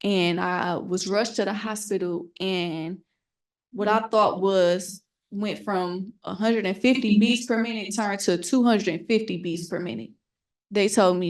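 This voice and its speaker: A woman's voice: medium pitch, steady tone, measured pace. A young woman on a panel, telling her personal story candidly and earnestly, often acting out what people said to her. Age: young adult. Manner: candid, earnest storytelling that acts out remembered dialogue.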